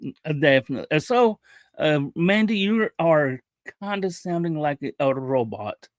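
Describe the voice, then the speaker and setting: A man hosting a livestream, talking casually in a halting way, often repeating words and restarting his sentences. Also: on the high side, expressive, no room sound. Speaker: livestream host.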